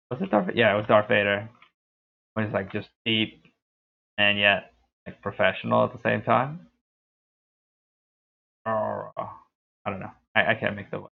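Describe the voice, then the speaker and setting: A man's voice: lowish voice, vocal fry. A man streaming a game, rambling casually and poking fun at his own voice. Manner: rambling, self-deprecating. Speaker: gaming streamer. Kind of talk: casual gameplay commentary. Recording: tinny phone-like sound.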